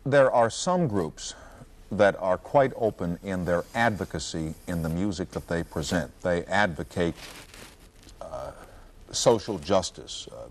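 Tv host guy, very deep voice, slow deliberate questions, dry humor, studio set. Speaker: television talk show host. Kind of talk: talk show interview.

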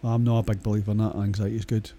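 A man's voice: fairly low pitch, level tone, fast talker, dark tone. A Scottish man talking in a casual, rambling monologue, blunt and crude, swearing often and hesitating with many fillers.

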